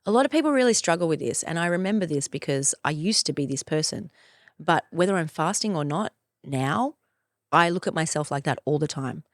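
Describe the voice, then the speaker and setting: A woman's voice: animated, a little fast, no echo, clean studio sound. Effusive, swearing woman in her forties. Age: 40s. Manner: effusive, swears freely, sudden playful pitch jumps. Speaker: podcast host. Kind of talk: casual monologue.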